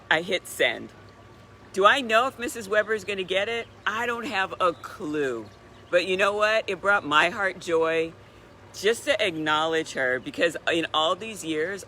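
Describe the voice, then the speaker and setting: Animated woman in her sixties, bright voice. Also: deep voice, slight background noise. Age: 60s. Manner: animated, chatty storyteller. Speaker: wellness speaker. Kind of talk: live-stream motivational talk.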